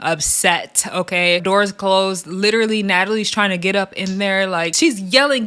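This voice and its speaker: A young adult woman giving casual, animated review commentary on a reality show, acting out quotes as she goes. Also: medium pitch, fairly quick, hardly any pauses. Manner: animated, chatty, acts out quotes.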